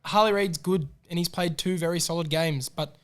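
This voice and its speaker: A man co-hosting a casual horse racing podcast, chatty and excitable, handing out shout-outs. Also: on the high side, moderate pace. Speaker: podcast co-host. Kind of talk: casual racing tips chat.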